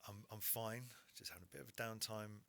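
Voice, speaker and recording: A man's voice: on the low side, vocal fry, bright, forceful tone. A man in his forties, a podcast guest telling a personal story candidly, stammering and restarting as he goes. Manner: honest, halting, frequent stammered restarts.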